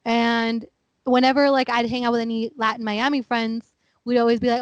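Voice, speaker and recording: Animated, chatty woman in her thirties, fairly high. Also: quick pace, dry recording, dull audio. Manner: animated storyteller, acts out family members; laughing, chatty. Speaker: podcast co-host. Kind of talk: casual chat.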